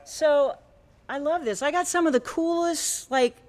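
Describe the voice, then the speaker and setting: Chatty rambling woman host, fairly high. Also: unhurried, darkish tone, slight background noise. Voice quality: chatty, rambling, laughing often. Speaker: venue host introducing a performer. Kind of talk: casual stage introduction. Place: small indoor music cafe stage.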